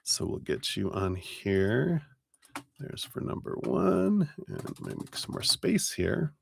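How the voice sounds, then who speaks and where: A man's voice: on the low side, huge pitch swings, slow pace, vocal fry, slight background noise. A man hosting a live tarot stream, casually greeting viewers by name and thanking them.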